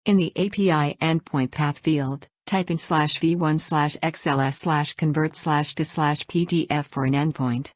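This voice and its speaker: A woman narrating a scripted software tutorial, reading each step in an even, instructional way and spelling out acronyms letter by letter. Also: sits low, moderate pace, hardly any pauses, no echo.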